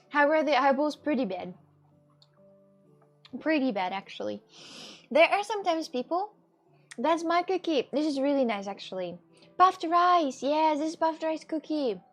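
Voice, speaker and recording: A woman's voice: sits high, lively intonation, measured pace, pauses often, soft background music. A young woman streamer chatting casually to her viewers, rambling and giggling often. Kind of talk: casual chat.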